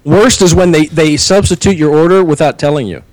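A man with a high-pitched voice tells a long, rambling story in casual podcast chat. He swears freely, and the sound is dry and close, with no room echo. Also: fairly quick, a little mellow. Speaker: podcast co-host.

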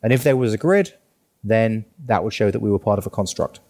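A man's voice: lowish voice, fairly quick, dark tone. Eager chatty man co-hosting. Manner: eager, chatty, jumps ahead. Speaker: podcast co-host. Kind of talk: casual tech chat.

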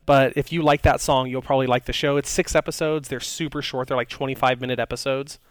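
A man co-hosting a casual podcast, talking loosely with frequent fillers and restarts. His voice is smooth and resonant, sitting at a middle pitch. The recording is dry and close. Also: steady tone, quick pace, dry recording. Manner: rambling, many fillers and restarts. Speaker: podcast co-host. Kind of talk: casual chat.

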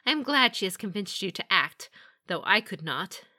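A woman's voice: medium pitch, very animated, moderate pace, bright, forceful tone, full character voice. A woman doing a stiffly polite samurai woman. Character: composed, proud female dragon samurai.

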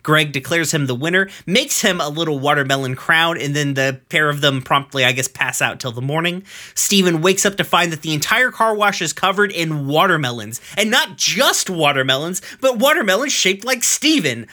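A man casually recapping a cartoon episode on a podcast, loose and profane, with lots of fillers and quick asides. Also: fairly high pitch, expressive, bright, forceful tone.

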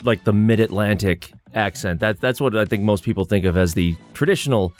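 A man's voice: fairly low pitch, brisk, soft background music. An American man co-hosting a podcast in easygoing, curious casual chat. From United States. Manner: easygoing, curious, laughs along. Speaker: podcast co-host.

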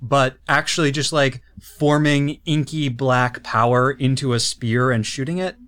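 A man's voice: mid-range voice, fairly even intonation, measured pace, fairly bright tone. A man co-hosting a podcast who talks casually and lays out his opinions at length. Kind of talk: casual chat.

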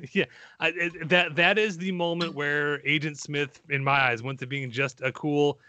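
A man's voice: a little high, fairly even intonation, a little slow, bright, forceful tone. A man hosting a podcast, talking enthusiastically and rambling, with frequent restarts and self-deprecating asides. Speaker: podcast host. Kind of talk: casual podcast chat.

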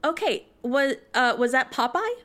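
A woman's voice: high voice, expressive, normal speed, a bit bright. A woman playing a restaurant manager in an improvised comedy scene, talking in a chatty, hesitant way full of ums.

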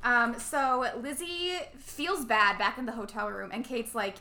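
A woman casually recapping a movie plot as a podcast co-host, animated and acting out the characters' lines. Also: fairly high pitch, unhurried, hardly any pauses. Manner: animated, acts out characters' lines, laughs often.

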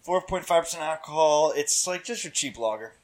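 A man co-hosting a podcast, laid-back and quick to laugh, rating a beer. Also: a little high, expressive, a little mellow. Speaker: podcast co-host. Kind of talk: casual podcast banter.

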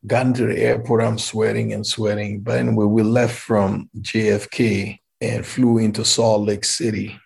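A man's voice: lowish voice, level tone, moderate pace, vocal fry, hardly any pauses, husky. A man from Liberia, animatedly telling a personal story and acting out the dialogue.

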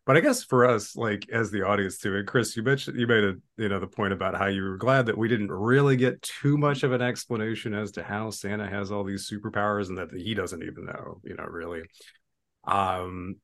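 A man's voice: fairly low pitch, a little fast, fairly bright tone. A man hosting a casual movie podcast, rambling with many fillers and acting out lines. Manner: rambling, full of fillers and acted-out quotes. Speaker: podcast host.

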